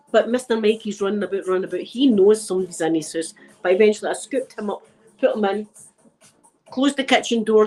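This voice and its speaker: A medium-pitched, slightly mellow voice comes from an older woman from Scotland with a Scottish accent. As an ASMR vlogger, she chats casually to camera and tells her viewer funny stories, laughing as she talks.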